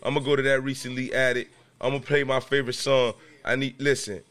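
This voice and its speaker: A man with a mid-range, fairly bright voice speaks a little quickly in a level tone on a dry recording. He's hosting a casual podcast from a room at home, ranting agitatedly and repetitively and sometimes raising his voice.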